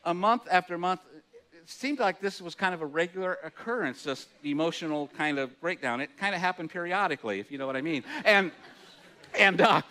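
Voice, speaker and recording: This is a middle-aged male pastor preaching in a church hall, his high-pitched voice bright, forceful, and smooth. He keeps things chatty and pokes fun at himself, laughing a lot and starting his words over.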